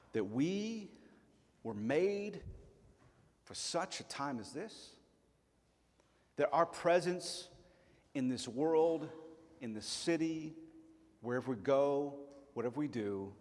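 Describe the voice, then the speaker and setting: A man from Chattanooga preaching a sermon as pastor, earnest and emphatic, slowing down to stress key words. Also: medium pitch, darkish tone, long reverb tail. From Chattanooga, Tennessee. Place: church sanctuary.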